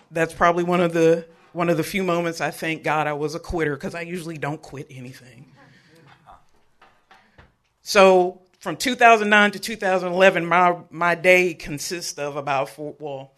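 A man tells a personal story live on stage. His voice sits high for a man and rings bright and forceful. He delivers it in an animated way and jokes with the crowd. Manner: animated, joking with the audience. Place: live event venue.

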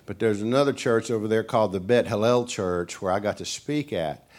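A middle-aged man from Tennessee with a strong East Tennessee Southern accent, preaching as a visiting guest. He tells homespun stories to the congregation in a chatty, folksy way. When he acts out the people in his stories, his voice jumps up high. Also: a little fast. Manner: animated storyteller who acts out characters. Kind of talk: folksy sermon storytelling.

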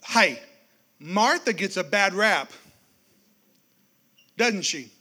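Pastor preaching, high bright voice, goes loud then really quiet. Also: male voice, lively intonation, drawn-out words. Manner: preaching with wide swings from loud to hushed. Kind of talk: sermon.

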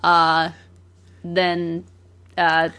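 A woman's voice: fairly low pitch, completely flat delivery, extremely slow, fairly bright tone, clean tone. A woman casually co-hosting a podcast, animatedly retelling a cartoon plot and laughing easily. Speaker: podcast co-host. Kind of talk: casual film discussion.

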